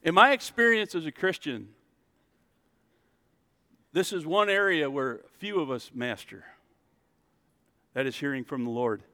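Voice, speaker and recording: A male pastor giving a jokey, animated sermon in a church, acting out the story as he goes. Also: fairly high pitch, a little slow, long pauses, long reverb tail.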